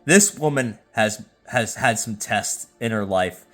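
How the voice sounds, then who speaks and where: A man who has been drinking hosts a casual rating video from home, rambling and stammering with sudden excited bursts. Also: lowish voice, slow, faint music behind. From Jacksonville, Florida. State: tipsy from drinking. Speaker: YouTube host. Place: at home with a phone. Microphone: phone.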